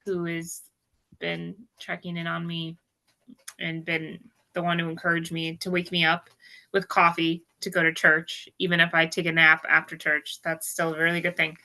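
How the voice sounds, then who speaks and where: Bright-voiced female podcast co-host. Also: lowish voice, monotone, moderate pace, creaky, low-quality recording. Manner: candid and chatty, laughs easily. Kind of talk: casual chat.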